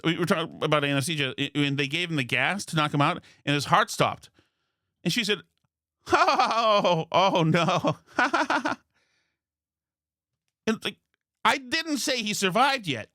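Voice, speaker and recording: A man hosts a comedy podcast, winding through a story with deadpan, incredulous asides. His voice sits a touch high and rings bright and forceful. The close mic sounds dry. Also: no echo. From Massachusetts. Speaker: podcast host.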